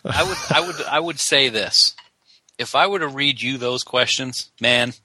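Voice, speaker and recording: A man's voice: mid-range voice, a little slow, background noise. A man co-hosting a podcast, playful and teasing, laughing easily in casual chat. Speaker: podcast co-host.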